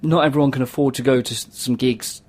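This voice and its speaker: A man with an ordinary mid-range voice co-hosts a casual chat show. He talks hesitantly, filling pauses with ums and restarting his sentences. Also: medium pitch, fairly even intonation. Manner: hesitant, many fillers. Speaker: co-host.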